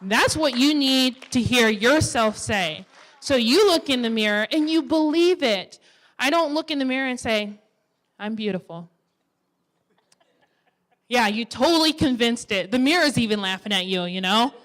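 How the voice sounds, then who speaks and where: A young woman in her twenties delivers a church sermon with a fairly high voice. She exhorts her listeners in a lively way and drops playful asides between her points. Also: normal speed. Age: 20s. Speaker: women's ministry speaker.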